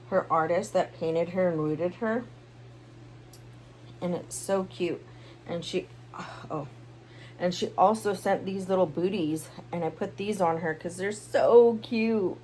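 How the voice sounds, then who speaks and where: A woman's voice: on the low side, darkish tone, slight background noise. A young woman vlogging at home in a casual, rambling way, full of fillers and sounding tired. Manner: rambling, chatty, with many fillers. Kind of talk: casual vlog chat.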